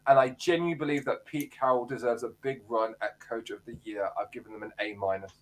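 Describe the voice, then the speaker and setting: A man's voice: medium pitch, fairly even intonation, fast. A man from the UK, chatting casually as a podcast co-host, rambling and correcting himself as he goes.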